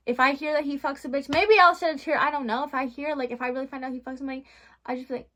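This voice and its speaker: A young woman vlogger telling a storytime rant in a blunt, profane, animated way. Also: sits high, fast.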